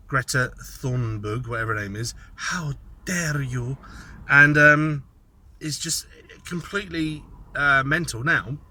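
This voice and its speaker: A man's voice: medium pitch, pushed and bright, slightly rough. A man giving a rambling, sardonic commentary monologue, thinking aloud as he goes. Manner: sardonic, mocking asides. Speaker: political commentator.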